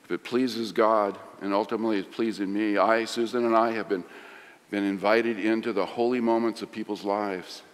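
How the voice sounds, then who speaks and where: A middle-aged man preaching a sermon, swinging from loud emphasis to hushed lines. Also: fairly low pitch, steady tone, normal speed. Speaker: pastor. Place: large church sanctuary. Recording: long hall reverb.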